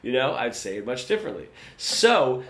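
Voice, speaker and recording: A man teaching guitar in a relaxed, conversational lesson, often checking in with "right?". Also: medium pitch, normal speed. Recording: roomy sound with guitar.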